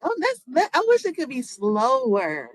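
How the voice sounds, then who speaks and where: A woman streamer reacts casually to celebrity news, talking to her chat with rhetorical questions and African American Vernacular English phrasing. Her high voice swoops wildly in pitch at a moderate pace, over a rough recording with a little hiss or hum.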